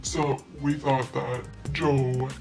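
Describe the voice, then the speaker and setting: A woman doing a deep-voiced male security guard. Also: level tone, drawn-out words, vocal fry, over music, full character voice. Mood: matter-of-fact. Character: gruff adult male school security guard.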